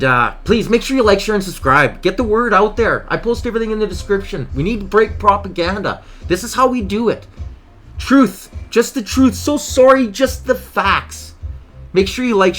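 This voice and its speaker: With faint music in the background, a man from Canada hosts his political vlog in a high-pitched, slightly bright voice, talking a little fast with lively intonation. Emotional and worked up, he speaks in an impassioned, agitated way and keeps repeating himself.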